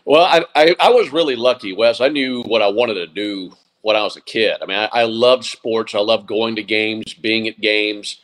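A sports broadcaster in his forties, talking as a guest in an interview, reflective and often pausing to restart his sentences. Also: fairly low pitch, steady tone, fairly bright tone, low-quality recording. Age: 40s. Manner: reflective, with frequent restarts and fillers. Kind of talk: interview conversation.

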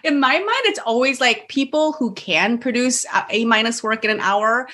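A woman speaks as a guest in a relaxed podcast chat. She thinks aloud in a winding way and leans on lots of filler words. Her tone stays informal and conversational. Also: on the high side, moderate pace. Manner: rambling, filler-heavy with "like" and "you know".

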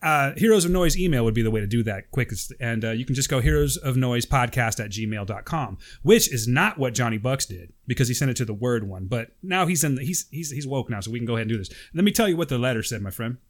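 Jokey, animated male podcast co-host. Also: medium pitch, fast, hardly any pauses. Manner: animated, jokey, reads listener mail aloud. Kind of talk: casual podcast chat.

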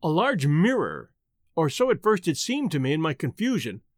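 A man reads a gothic tale aloud in a high, highly expressive voice that rises and falls freely. He keeps a measured pace and slows down to weigh key phrases. The sound is dry and close. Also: no room sound. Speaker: narrator. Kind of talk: dramatic reading of a gothic tale.

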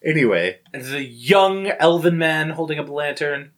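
Game master, playful narration of a tabletop game, mid-pitched voice. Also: lively intonation, normal speed.

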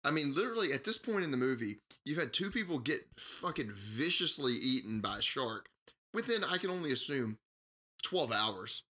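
A man's voice: medium pitch, big pitch swings, moderate pace, sharp tone. A man in casual movie review chat, crude and joking.

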